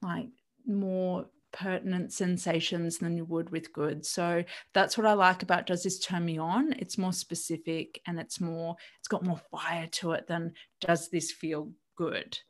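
A woman coach speaking in a relaxed interview, gentle and reflective as she talks through her ideas. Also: lowish voice, a little slow. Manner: gentle, reflective, self-questioning. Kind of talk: conversational interview.

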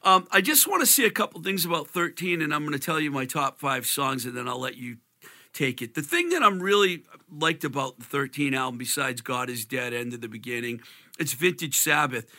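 A podcast co-host with a bright, forceful voice. He chats casually, teases his partner and jumps in with quick remarks. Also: medium pitch, animated. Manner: chatty, teasing interjections. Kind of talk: casual chat.

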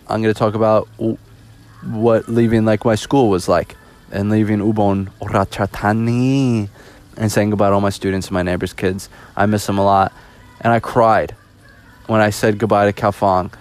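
A young man from the US East Coast, hosting a casual solo podcast, rambling and joking with lots of restarts. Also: fairly low pitch. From East Coast of the United States. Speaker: podcast host.

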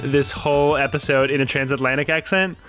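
A man's voice: medium pitch, fairly even intonation, brisk, music in the background. A man co-hosting a casual comedy podcast about games, jokey and rambling, with plenty of fillers. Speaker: podcast co-host.

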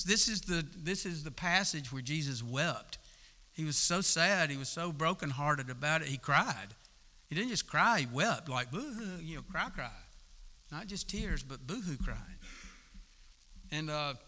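Folksy preacher with a bright, ringing voice. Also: male voice, on the high side, long reverb tail. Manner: folksy, conversational preaching with casual asides. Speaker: pastor. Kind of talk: sermon. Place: church sanctuary.

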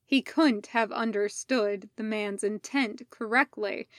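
A woman reading a fan fiction story aloud as narrator, slow and deliberate. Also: mid-range voice, steady tone, a bit bright, dry recording, clean studio sound. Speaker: podfic reader.

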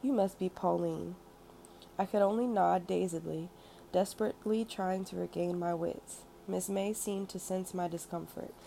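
A woman reading a first-person memoir aloud in a steady, measured storytelling manner. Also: on the low side, gravelly, slight background noise, rough recording. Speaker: narrator. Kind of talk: audiobook memoir narration.

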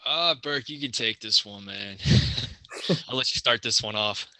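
A man's voice: lowish voice, takes it slowly, bright, forceful tone, dry recording. A young man, a college hockey player, chatting casually on a podcast and rambling with lots of fillers and restarts. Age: young adult.

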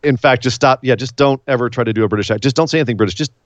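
A man's voice: mid-range voice, racing, no room sound, dull audio. A man co-hosting a wrestling podcast, recapping the week's show in a casual, chatty way with little laughs.

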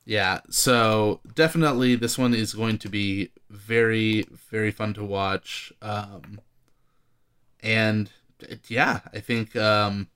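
Guy on a movie podcast, kinda low smooth voice, lots of um and like. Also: steady tone, takes it slowly, fairly bright tone. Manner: hesitant, many fillers and trailing thoughts. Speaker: podcast co-host, working actor. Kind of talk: casual chat about movies.

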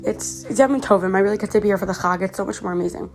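A teenage girl from Canada talks through her own podcast in an earnest, chatty way, tripping over her words and restarting often. She is a little sick, and soft music plays faintly behind her. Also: mid-range voice, racing. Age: teens. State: slightly sick. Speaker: podcast host. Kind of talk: casual personal podcast monologue.

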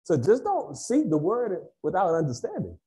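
Animated high-voiced preaching man. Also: moderate pace, breathy edge. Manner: emphatic preaching with repetition. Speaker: pastor. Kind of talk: sermon.

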